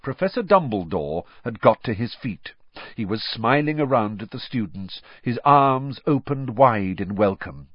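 A man narrating a storybook audiobook in a measured, expressive way. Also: on the low side, dry recording, dull audio.

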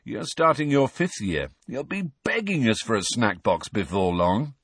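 A man's voice: mid-range voice, very animated, normal speed, breathy edge, dry recording, voice pushed up. A man voicing Fred, a cheeky teenage prankster who teases in a mock-grand way. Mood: gloating.

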